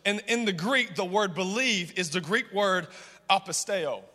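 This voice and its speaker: A man's voice: sits high, measured pace, sharp tone. A male pastor preaching a sermon, calling on the congregation to respond. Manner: preaching with call-and-response, impassioned. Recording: long hall reverb.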